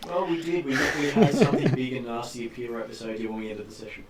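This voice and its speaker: A man's voice: mid-range voice, fast talker. A man acting as game master, casually teasing his players and recapping the story with many fillers. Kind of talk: running a tabletop game session. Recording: distant mic with faint noise.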